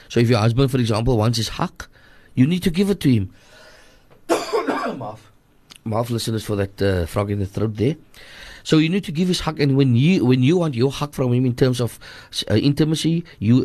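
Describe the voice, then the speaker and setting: A man's voice: mid-range voice, darkish tone, no echo. A man with a Cape Town accent, a scholar giving marriage advice on a radio call-in show, earnest and repetitive, slipping into Afrikaans. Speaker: radio guest scholar answering listener questions. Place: radio studio.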